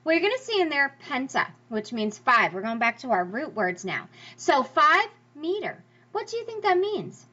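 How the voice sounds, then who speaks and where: A bright, high-pitched woman teaching a class, her voice bouncing up and down as she sounds out rhythms. The recording is a little dull and lo-fi. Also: moderate pace, hardly any pauses. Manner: lively, emphatic, sing-song stress demonstrations. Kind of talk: classroom lecture over slides.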